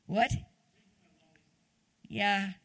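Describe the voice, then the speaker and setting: A woman's voice: medium pitch, fairly bright tone, no echo. A woman guest preacher giving a chatty, conversational sermon, often asking the congregation questions.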